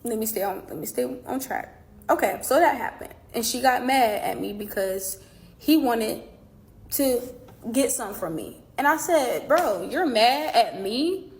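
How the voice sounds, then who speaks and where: Animated high-voiced woman venting. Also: unhurried. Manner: animated, acts out past conversations, direct to viewers. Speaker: boxer telling her side of a falling-out. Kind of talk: casual storytelling, venting.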